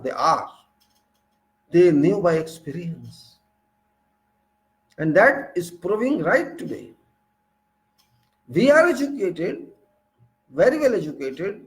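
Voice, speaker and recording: A man's voice: on the high side, low-quality recording. Indignant Indian English man. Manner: indignant, rhetorical questions, repeats phrases. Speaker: political commentator. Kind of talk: solo political monologue.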